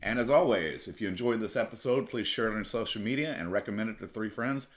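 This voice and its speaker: A man's voice: fairly low pitch, fast. A middle-aged man hosting a podcast, telling a blunt, profane story that turns into a rant. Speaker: podcast host.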